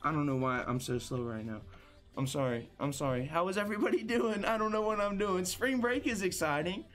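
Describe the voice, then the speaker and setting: A young man chats casually through a live gaming stream, upbeat and hyped, his voice sitting high. He greets viewers by name, repeats his lines and apologizes often. Faint music plays behind him. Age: young adult. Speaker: livestreamer hosting viewer tournaments.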